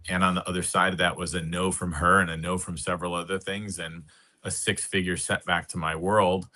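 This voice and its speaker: A man with a very low voice and a bright, forceful edge tells his story as a podcast guest. He speaks earnestly and slowly, leaning into heavy pauses. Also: flat delivery. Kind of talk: personal storytelling.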